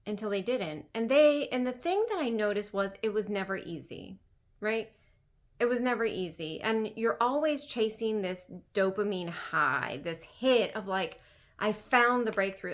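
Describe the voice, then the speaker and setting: A woman's voice: on the high side, animated, a little slow. A woman business coach talking in a casual monologue, emphatic and chatty, repeating phrases and saying "like" often.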